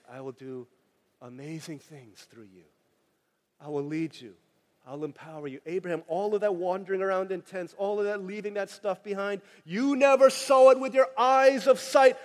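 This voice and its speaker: High-voiced preacher in an echoing hall. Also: male voice. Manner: animated, joking asides, acts out quoted voices. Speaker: pastor. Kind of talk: sermon. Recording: long hall reverb.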